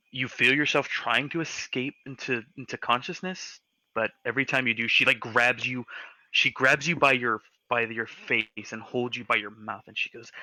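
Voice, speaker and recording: A man's voice: mid-range voice, pushed and bright, no room sound, poor audio. A man narrating as game master in a casual, loose way.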